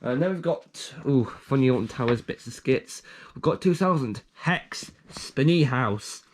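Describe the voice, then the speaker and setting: A man's voice: medium pitch, lively intonation, unhurried, a little hiss or hum. A young man casually reading out his own joke documents, rambling and trailing off with self-aware asides. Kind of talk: casual commentary.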